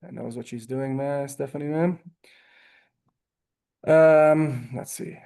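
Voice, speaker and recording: Taking it slowly, a male Hebrew teacher on a video call speaks with a mid-range, mellow voice and fairly even intonation. He's courteous and talkative, frequently saying sorry and calling people ma'am.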